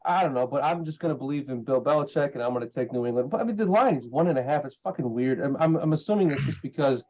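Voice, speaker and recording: A man's voice: medium pitch, lively intonation, quick pace, dark tone. A man co-hosting a casual sports betting chat, heated and profane as he rambles through his point. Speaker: podcast co-host. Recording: dull lo-fi sound.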